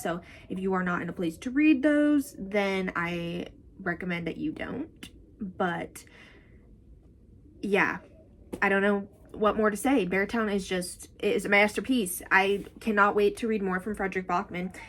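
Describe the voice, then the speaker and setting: A woman's voice: medium pitch, a bit bright, rough recording. Young woman rambling about a book she loved, recorded outside, wind noise faintly behind her. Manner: chatty, gushing, rambling with many "like"s. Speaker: book vlogger. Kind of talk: casual book review chat. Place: outdoors in strong wind.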